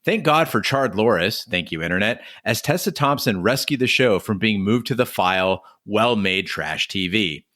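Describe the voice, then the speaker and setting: A man's voice: lowish voice, lively intonation, normal speed, few pauses, a bit bright, no echo, clean studio sound. A man hosting a podcast, reading listener emails aloud with a wry, casual delivery.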